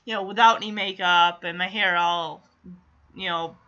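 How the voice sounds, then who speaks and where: A woman's voice: on the low side, steady tone, normal speed, pushed and bright, lo-fi sound, pitched below the performer's own voice. A woman quoting a flustered bride-to-be in a chatty retelling.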